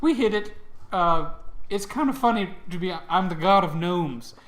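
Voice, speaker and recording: A man's voice: high-pitched, lively intonation, normal speed, a bit bright. A man doing a teasing gnome god of jokes. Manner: chummy, rambling, teasing. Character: mischievous male gnome god of humor, jokey. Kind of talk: improvised tabletop game voice.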